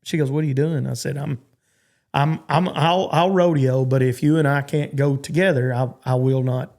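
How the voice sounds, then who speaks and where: A man's voice: mid-range voice, fairly even intonation, normal speed, creaky, darkish tone. A Texan man in his forties, a podcast guest telling rambling stories with lots of restarts. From Texas. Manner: rambling, stop-start storytelling with repeated restarts. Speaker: guest, cowboy. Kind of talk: storytelling in a podcast interview.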